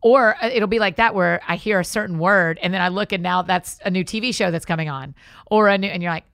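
A woman's voice: on the low side, fast talker, gravelly, a bit bright, smooth, no room sound, clean studio sound. A woman hosting a casual faith conversation, chatty and affirming. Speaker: podcast host.

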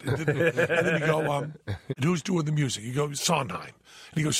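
Man, gravelly husky voice, lively animated storytelling, casual podcast chat. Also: fairly high pitch, moderate pace, no room sound, studio quality. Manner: lively storyteller, acts out voices and sings snatches. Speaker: podcast co-host. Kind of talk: casual chat, telling an anecdote.

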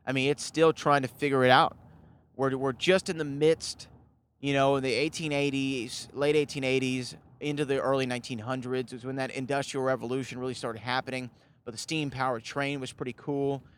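A man's voice: mid-range voice, flat delivery, fairly quick, slight background noise. Rambling podcast man recapping a movie. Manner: rambling, heavy on "you know" fillers; chuckles at his own remarks. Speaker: podcast host.

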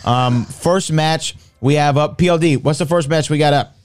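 A man's voice: fairly high pitch, moderate pace, clear, resonant tone. A man hosting a show, talking in a loose, chatty way with filler ums. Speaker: show host.

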